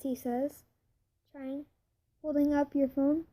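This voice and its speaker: A woman narrates second-person fan fiction, reading slowly and correcting herself now and then. Her voice sits high but sounds very dark and mellow. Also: level tone, poor audio. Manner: reads slowly, with stumbles and self-corrections. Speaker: reader.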